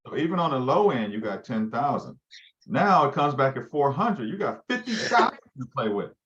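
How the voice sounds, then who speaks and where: A man's voice: mid-range voice, sing-song, moderate pace, a bit bright, lo-fi sound. A man leading a live training session for real estate agents, quizzing his listeners as he goes. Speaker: real estate team leader teaching agents.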